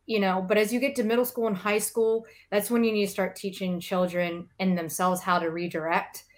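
A woman in a casual conversation, upbeat and quick to laugh, giving practical advice. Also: mid-range voice, flat delivery.

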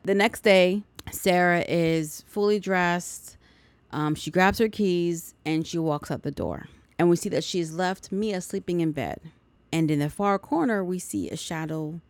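Woman podcast host, casual movie recap, sarcastic asides, gravelly voice, dry close sound. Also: fairly low pitch, animated, measured pace, darkish tone, dry recording.

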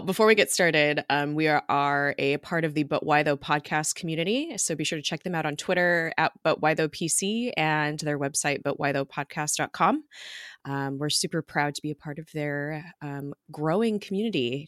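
A woman's voice: sits low, moderate pace, fairly bright tone, no room sound, studio quality. A woman co-hosting a podcast, recapping a TV episode in casual chat, with many ums and frequent laughs.

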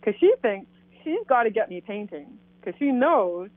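A woman from Canada telling a personal story in a casual, animated way, acting out what people said. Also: medium pitch, moderate pace, no room sound. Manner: animated, acts out quoted dialogue. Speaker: guest telling her story. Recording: tinny phone line, dry.

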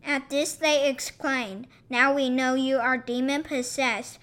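A woman reads scripture aloud at an even, measured pace. Her voice sits high and sounds bright and clear. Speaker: scripture reader.

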